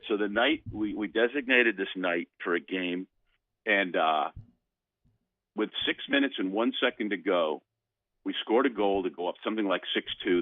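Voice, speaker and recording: A man's voice: sits low, no echo. Older man telling a story down a phone line. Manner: animated storyteller with frequent restarts. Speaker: radio show guest. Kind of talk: storytelling on sports talk radio. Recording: dry phone-line sound.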